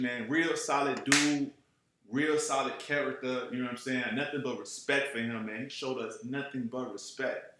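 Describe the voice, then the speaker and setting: A man from Chicago telling a road-trip story in a casual, animated way, cursing freely, full of slang and asides. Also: medium pitch. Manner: animated, profane, streetwise slang, keeps asking "you know what I'm saying". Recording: very echoey room.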